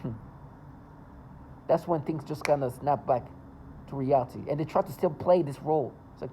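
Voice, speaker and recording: A man's voice: a little high, moderate pace, pauses often, mellow, slight background noise, rough recording. A man talking to camera in a casual, rambling monologue, agitated and full of stumbles and restarts. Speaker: vlogger.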